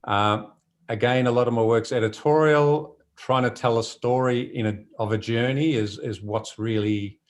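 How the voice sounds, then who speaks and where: A man, a surf photographer telling stories from his trips in a relaxed, chatty way with frequent laughs. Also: mid-range voice, moderate pace. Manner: relaxed and chatty, laughs often, many fillers. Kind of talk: casual conversational storytelling.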